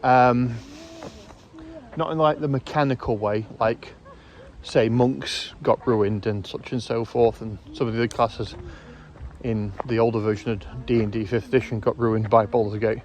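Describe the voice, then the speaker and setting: A man hosting his own video channel, giving rambling, casual commentary outdoors, correcting himself often and filling pauses with ums. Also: mid-range voice, fairly even intonation, darkish tone. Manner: rambling, self-correcting, hesitant fillers. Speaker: YouTube host.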